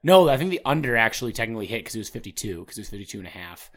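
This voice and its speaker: A man's voice: fairly low pitch, very animated, very fast. Man, podcast host, casual sports talk, rambling, restarts his sentences. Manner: rambling, repeats words, laughs often.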